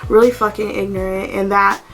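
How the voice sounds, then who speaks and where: A woman's voice: medium pitch, little pitch movement, a little fast, fairly bright tone. A woman vlogger telling a storytime story in a blunt, exasperated way, full of "like". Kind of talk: storytime vlog.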